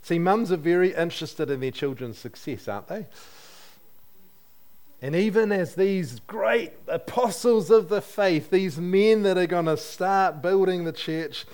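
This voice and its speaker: A man's voice: high-pitched, measured pace, darkish tone. A man preaching a sermon in a conversational way, asking his listeners questions and adding light humor.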